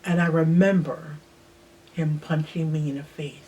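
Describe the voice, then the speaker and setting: A woman in her sixties slowly telling a personal childhood memory in a reflective way, sometimes dropping to a near-whisper. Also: sits low, fairly even intonation, warm tone, a little hiss or hum. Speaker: host. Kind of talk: personal storytelling.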